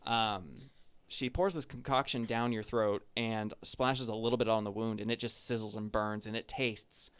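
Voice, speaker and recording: Smooth-voiced man running a tabletop game. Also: lowish voice, steady tone, normal speed, fairly bright tone. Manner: loose and casual, heavy on um and like. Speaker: game master.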